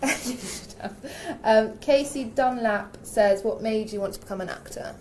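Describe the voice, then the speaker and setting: A woman's voice: fairly high pitch, a little slow, darkish tone, slight background noise. A woman interviewing an actor, reading out fan questions in a playful, teasing way and laughing often. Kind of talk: casual interview chat.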